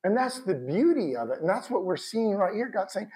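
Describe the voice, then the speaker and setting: Guy preaching, pretty high voice, chatty and lively, yells now and then to make a point. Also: fairly quick, hardly any pauses. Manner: conversational, animated, bursts of shouted emphasis. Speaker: pastor. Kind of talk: sermon.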